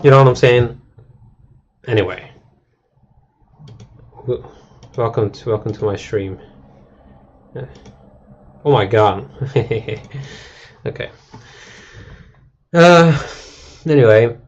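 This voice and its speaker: A man's voice: mid-range voice, slow, long pauses, lo-fi sound. A male game streamer in a casual, crude and rambling rant to his chat, mocking and full of fillers.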